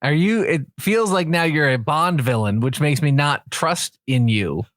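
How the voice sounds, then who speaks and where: A man's voice: fairly high pitch, unhurried, fairly bright tone, no room sound, studio quality. A man co-hosting a comedy podcast, asking wry, mock-serious questions. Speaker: podcast co-host. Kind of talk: casual comedy chat.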